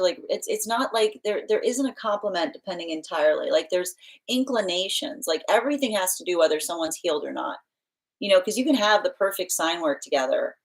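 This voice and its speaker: Chatty tarot reader, low voice. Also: female voice, poor audio. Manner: chatty, laughs often, many fillers and restarts. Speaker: tarot reader answering live chat. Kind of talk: casual live-stream chat.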